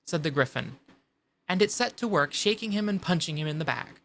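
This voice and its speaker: A woman's voice: low-pitched, animated, fairly quick, a bit bright, slight background noise. A woman streamer narrating a classic storybook aloud, with casual asides between passages.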